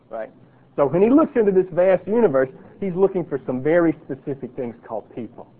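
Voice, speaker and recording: A middle-aged man teaching a Bible class, earnest, reading lists slowly and deliberately. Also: fairly high pitch, expressive. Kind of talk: classroom lecture. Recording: tinny lo-fi, phone-like sound.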